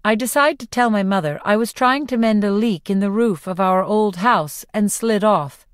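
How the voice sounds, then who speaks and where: A woman narrating a novel in the first person, with clear, expressive storytelling. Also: medium pitch, moderate pace, dry recording, clean studio sound. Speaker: audiobook narrator.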